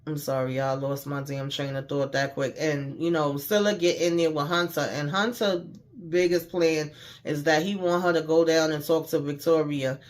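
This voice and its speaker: A man's voice: fairly high pitch, steady tone, normal speed. A man giving a casual, slangy recap of a TV episode, retelling scenes by quoting the characters with mild cursing. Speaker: TV show recapper.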